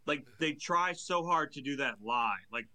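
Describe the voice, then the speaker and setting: Crude, rambling young male podcast co-host, bright tone. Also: a little high, animated, unhurried. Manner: crude, rambling, swears a lot. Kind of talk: casual comedic chat.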